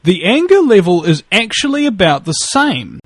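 A man with a New Zealand accent rambles and jokes on a radio chat, swearing freely and stumbling over restarts. His voice sits a little high for a man. The sound is close and dry, with no room around it. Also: very animated, normal speed, dry recording. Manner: rambling, profane, joking, many restarts. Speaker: radio guest.

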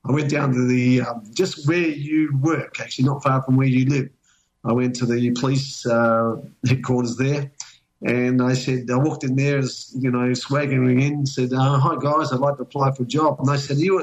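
An older man with an Australian accent spins a long story in relaxed conversation. He rambles, circling back with fillers and false starts. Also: medium pitch, low-quality recording. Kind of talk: casual chat.

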